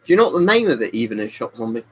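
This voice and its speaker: A tipsy man chats his way through a home webcam stream, rambling and reading out viewer comments as they come in. His voice sits at an ordinary male pitch, picked up by a webcam mic. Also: big pitch swings, very fast, slightly rough, rough recording. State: tipsy from drinking. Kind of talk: casual live-stream chat.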